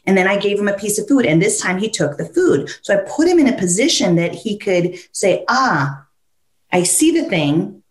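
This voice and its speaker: Lively woman dog trainer in an echoey room. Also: mid-range voice, a little fast, hardly any pauses. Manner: animated storyteller who acts out the dog's thoughts in quoted voices. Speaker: dog trainer, podcast guest. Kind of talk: conversational interview, explaining with stories.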